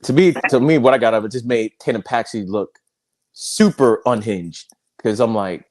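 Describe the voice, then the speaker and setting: A man co-hosting a casual wrestling podcast, telling his reactions in an animated way. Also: mid-range voice, moderate pace. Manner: animated storyteller, laughs easily. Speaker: podcast co-host. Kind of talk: casual wrestling review chat.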